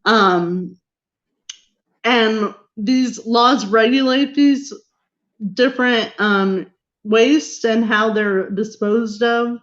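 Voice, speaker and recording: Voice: mid-range voice, extremely slow. Guest lecturer explaining over a muffled call. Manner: steady explanatory delivery with occasional fillers. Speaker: guest speaker. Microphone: video call. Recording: muffled video call audio.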